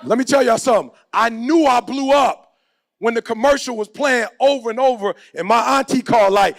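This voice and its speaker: A man giving an energetic motivational speech, leading the crowd in call-and-response and building to shouts, with slang-filled storytelling. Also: extremely high pitch, a little fast, creaky. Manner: slips into street slang and storytelling. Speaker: motivational speaker.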